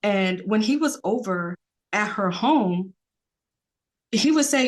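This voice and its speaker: A woman's voice: mid-range voice, lively intonation, slow pace, pauses often. A woman, a podcast guest talking earnestly in a rambling casual way, with many fillers.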